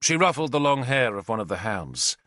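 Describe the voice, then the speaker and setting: Fairly quick and mid-pitched, a man narrates a scripted audiobook with expressive storytelling flair. There's no echo, and the sound is studio quality.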